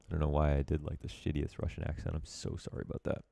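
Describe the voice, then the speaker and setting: Deep gravelly man breaking down gameplay. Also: monotone, quick pace, mellow. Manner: loose, chatty, self-deprecating with filler words. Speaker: esports coach reviewing a match demo. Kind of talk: casual game analysis commentary.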